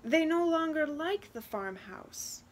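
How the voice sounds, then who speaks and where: A woman reading a storybook aloud, voicing a meek, ashamed young peasant girl who pleads softly. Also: high voice, expressive, slow pace, voice pushed up. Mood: pleading. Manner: soft, pleading.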